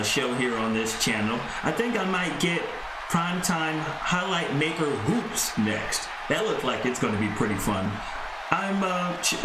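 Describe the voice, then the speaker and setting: A man narrating a tabletop wrestling game play-by-play, excitable and chuckling along. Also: fairly high pitch, echoey room, heavy background noise.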